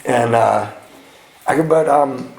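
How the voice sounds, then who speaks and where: Raspy-edged man telling his recovery story in an echoey hall, lively and animated with acted-out voices. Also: medium pitch, slow pace. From California. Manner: storytelling, acts out dialogue, swings from hushed to loud. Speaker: retreat speaker sharing recovery story. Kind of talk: twelve-step share to a live audience. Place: retreat hall with audience. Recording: roomy hall with faint ambience.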